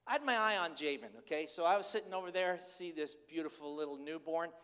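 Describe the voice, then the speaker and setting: An older man preaching a conversational sermon as pastor, candid and animated as he tells stories. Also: fairly high pitch, fast, clear, resonant tone. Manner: candid, chatty, animated storytelling. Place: church sanctuary. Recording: reverberant church hall.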